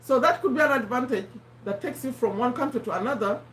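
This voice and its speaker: A woman's voice: a little high, fast, fairly bright tone, far from the mic. Woman hosting a live stream, voice strained and failing, chatty, in a roomy space away from the mic. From Uganda. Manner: chatty, addresses viewers by name, repeats points. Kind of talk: casual live-stream chat.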